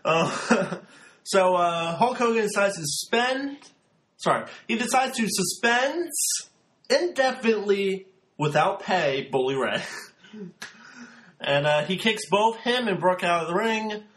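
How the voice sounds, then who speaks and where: A man's voice: high-pitched, animated, unhurried, a bit bright, echoey room. A young man hosting a podcast, giving a rambling, sarcastic casual recap full of filler words. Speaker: podcast host.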